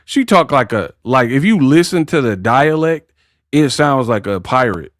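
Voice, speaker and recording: A man hosting a boxing livestream, ranting in an animated, mocking, slangy way. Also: mid-range voice, moderate pace, dry recording, studio quality. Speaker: boxing commentary livestream host. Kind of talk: casual livestream rant.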